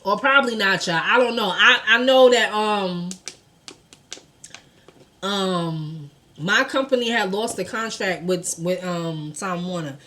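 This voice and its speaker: A woman, telling a personal story to her viewers in an animated, profane, conversational way. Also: mid-range voice, unhurried. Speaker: vlogger. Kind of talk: storytime vlog.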